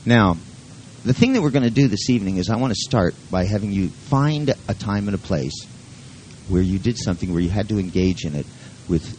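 A man's voice: lowish voice, a little fast, darkish tone, a little hiss or hum, rough recording. A man leading a live workshop who talks in a rambling, joking and profane way. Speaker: seminar leader.

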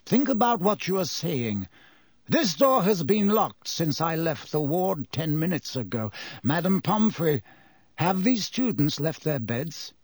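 A man doing a calm, wise old headmaster. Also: on the high side, a little slow, breathy edge, no room sound, clean studio sound, pitched above the performer's own voice, exaggerated voice. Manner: quiet and calm.

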